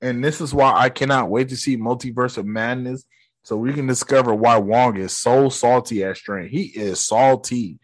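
A man giving a casual, slangy, animated movie recap as a video host. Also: mid-range voice, moderate pace, no echo.

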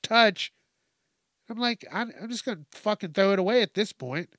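A man's voice: a little high, fairly bright tone, no echo, studio quality. A man hosting a podcast, delivering a profane comedic rant and laughing at his own jokes. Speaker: podcast host.

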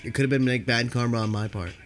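A man's voice: mid-range voice, steady tone, quick pace, a little hiss or hum. Sniffly, laid-back storytelling man. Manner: rambling, laid-back, heavy swearing and fillers. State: sniffly from allergies. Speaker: night-shift store clerk telling work stories. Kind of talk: casual storytelling.

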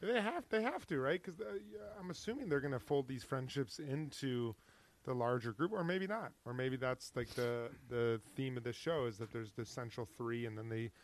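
A man co-hosting a casual TV recap podcast, halting with fillers and restarts, firmly opinionated. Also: medium pitch, animated. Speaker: podcast co-host. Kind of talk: casual chat recapping a TV show.

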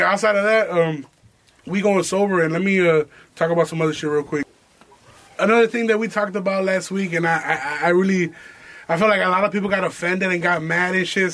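High-voiced young man telling a story. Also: a bit bright. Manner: profane, slangy, laughing storyteller. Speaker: podcast host. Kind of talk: casual storytelling chat.

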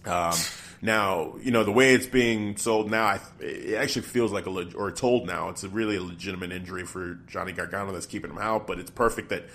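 A man with a fairly low voice talks through ideas in a loose, casual chat. He thinks aloud as he goes, trailing off and restarting his sentences before landing his point. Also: a little fast, fairly bright tone.

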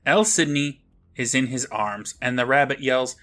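Bright-voiced man recapping an episode. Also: medium pitch, moderate pace. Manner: recaps the plot and pops into voices for quoted lines. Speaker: podcast co-host.

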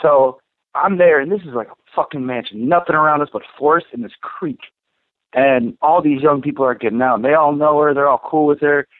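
A man co-hosting a podcast, telling a story in a casual, profane and animated way. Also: fairly high pitch, fairly quick, no echo. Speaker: podcast co-host. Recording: tinny phone-like dry sound.

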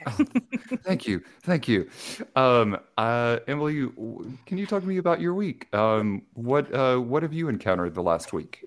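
A man's voice: medium pitch, very animated, moderate pace. A young adult man hosting a podcast, reading announcements and chatting. He stumbles over words and laughs at himself. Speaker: podcast host. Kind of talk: podcast intro and casual chat.

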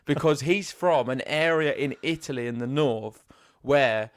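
A man's voice: mid-range voice, a little slow, no echo, clean studio sound. A man co-hosting a podcast, talking about tennis in an emphatic, building way. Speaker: podcast co-host. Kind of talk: casual tennis chat.

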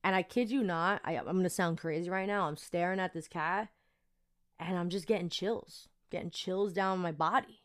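A young woman hosting a podcast, telling a personal story in a chatty, animated way with lots of fillers. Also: lowish voice, normal speed, smooth. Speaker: podcast host. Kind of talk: casual storytelling monologue.

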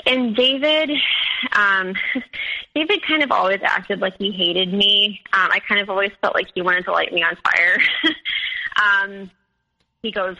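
Woman with a bright, creaky voice. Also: medium pitch, unhurried, pauses often, low-quality recording. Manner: hesitant, full of "um" and "like". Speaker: podcast guest. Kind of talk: recounting a personal story.

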